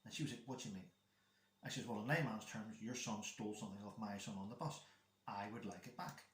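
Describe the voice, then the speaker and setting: A man's voice: lowish voice, quick pace, a bit bright. A man chatting casually as a guest, telling a rambling story about his son and acting out the dialogue. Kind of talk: casual chat. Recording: echoey room.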